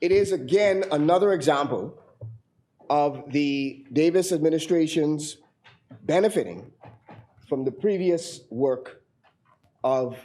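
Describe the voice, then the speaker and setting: A Bahamian man speaking in a parliamentary debate, his voice hoarse and strained. He sits a little high for a man and pushes on through stumbles, fillers and repeated words as he builds his argument. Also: animated, slow, pauses often, dark tone. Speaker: member of parliament.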